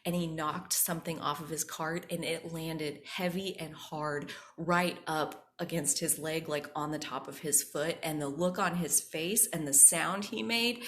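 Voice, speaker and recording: A woman hosting a podcast, telling a personal story in a casual, animated way, often saying "like" and acting out the voices she quotes. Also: low voice. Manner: animated, acts out quoted voices, frequent "like" fillers. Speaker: podcast host.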